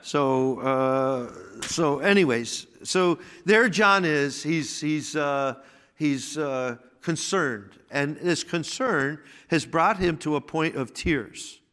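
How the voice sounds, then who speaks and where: A man's voice: fairly high pitch, expressive, slow pace, fairly bright tone, smooth. A middle-aged man preaching a conversational sermon, with restarts and personal asides. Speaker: pastor.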